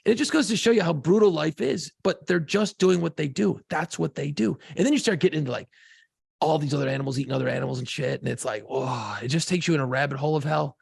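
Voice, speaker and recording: A man co-hosting a podcast, telling a profane, excitable story in casual chat. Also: fairly high pitch, quick pace, dry recording, clean studio sound. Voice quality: gravelly, husky voice. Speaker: podcast co-host.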